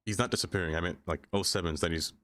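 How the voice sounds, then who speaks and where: A deep-voiced, fast-talking man chats casually on a live stream of a city-building game. He greets viewers by name, laughs often, and comes across as playful and easily excited.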